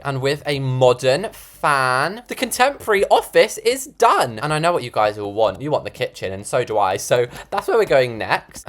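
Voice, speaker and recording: A British gaming YouTuber chatting to viewers in a bubbly, playful way while building in a game, recorded in a home recording room. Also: medium pitch. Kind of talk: casual building-game commentary.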